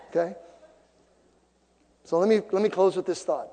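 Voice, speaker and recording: High-voiced preacher man in a reverberant hall. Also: normal speed, long pauses. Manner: emphatic, builds to loud rising peaks. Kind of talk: sermon. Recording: long reverb of a large hall.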